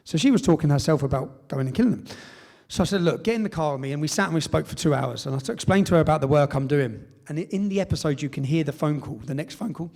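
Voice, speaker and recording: A man's voice: fairly high pitch, expressive, fast talker, gravelly, darkish tone. A man giving a speech at a live event, telling stories emphatically with reported dialogue and tag questions. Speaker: public speaker.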